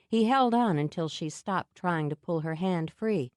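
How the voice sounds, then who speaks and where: Low-voiced woman narrating a romance novel. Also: animated, unhurried, few pauses, darkish tone, no room sound, clean studio sound. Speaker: audiobook narrator. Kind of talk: scripted narration.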